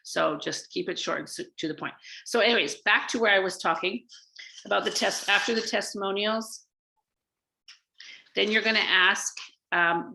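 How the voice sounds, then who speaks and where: A woman's voice: fairly low pitch, fairly even intonation, moderate pace, vocal fry, sharp tone, slight background noise. A woman from Canada giving a casual sales training talk, chatty, with many fillers and restarts.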